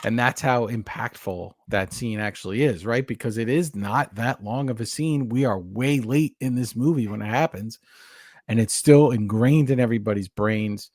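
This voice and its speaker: Speaking at a moderate pace in a mid-range voice, a man co-hosts a podcast chatting casually about a horror movie. His long, rambling recaps of scenes are animated and full of self-corrections and restarts, and the studio sound is clean with no echo.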